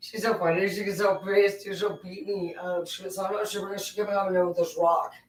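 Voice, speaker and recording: A woman's voice: medium pitch, flat delivery, a little fast, faint music behind. A woman chatting casually at home. She is playful and salty-mouthed and slips into a singsong tone for her pets. Her mid-height voice sits back from the mic in a roomy, echoing space. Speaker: vlogger. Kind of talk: casual chat to her dogs. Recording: echoey room, distant mic.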